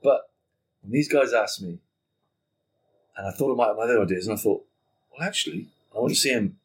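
A man guest on a podcast, telling a story in casual conversation, animated and swearing freely while acting out what people said. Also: on the low side, brisk, slightly rough.

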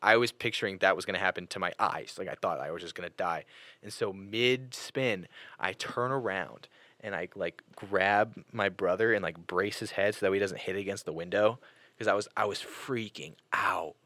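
A young man with a lowish, bright, forceful voice hosts a casual podcast chat, telling stories with lots of "like" and restarts. His voice sits close and dry, with no room sound. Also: moderate pace, no echo. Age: young adult. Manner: animated storyteller, many fillers and restarts. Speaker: podcast host.

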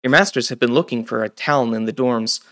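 A man voicing a grumpy, gruff male temple sage in a storybook. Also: medium pitch, fast, a bit bright, close to an everyday voice. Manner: gruff and curt.

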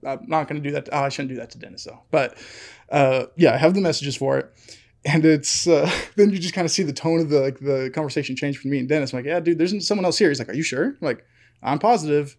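A man's voice: on the high side, fast, creaky, darkish tone. A young man telling a long story on a casual podcast chat, full of fillers, laughing often. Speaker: podcast co-host.

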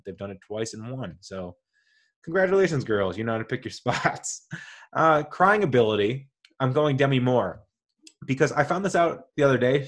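Chatty podcast host, middle-pitched man. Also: fairly bright tone. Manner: chatty, enthusiastic, rambling with self-corrections. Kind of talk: casual podcast monologue. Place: home with dogs nearby.

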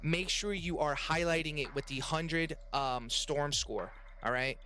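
Rambling American guy, slightly high voice. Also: a little slow, bright, forceful tone, slight background noise. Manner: rambling, full of "like" and restarts. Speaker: podcast co-host and restaurant server. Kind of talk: casual chat.

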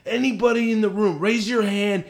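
A man's voice: sits high, steady tone, normal speed, creaky, voice pushed up. A man imitating a scraggly, druggy man in his thirties who slurs his words. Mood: rowdy. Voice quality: slurred, druggy drawl.

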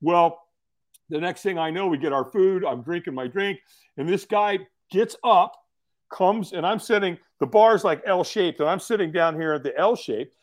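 A man's voice: high voice, normal speed. A middle-aged man, telling his story casually as a podcast guest in an earnest, folksy way. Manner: earnest, folksy, repeats words when starting sentences.

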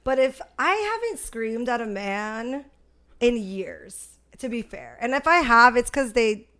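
A loud, talkative young woman co-hosting a casual podcast. Her voice sits a little high and she rattles on at full volume even when she is calm. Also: unhurried. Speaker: podcast co-host. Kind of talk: casual chat.

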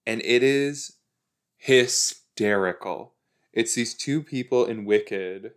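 A young man who hosts a podcast chats casually while lying down at home, mocking a TV episode he's reacting to. His medium-pitched voice is fairly bright, clear and resonant, and he takes it slowly.

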